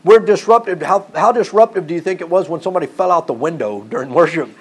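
A male preacher with a fairly high voice delivers an earnest sermon. He circles back over his points, stumbles and repeats words, and swells into animated emphasis. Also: fast talker, breathy edge.

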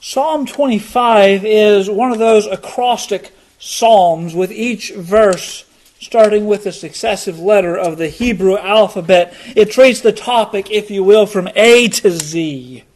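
Male pastor, high voice, unhurried, emphatic, middle-aged. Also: darkish tone. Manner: slow, deliberate preaching with emphatic drops in pitch. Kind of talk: sermon.

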